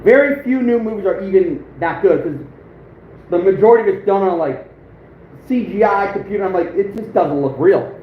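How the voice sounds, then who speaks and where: Casual livestream host, man, 30s, high-pitched, rambling and chuckly, echoey room. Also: lively intonation, normal speed. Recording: phone-like echoey room with faint noise.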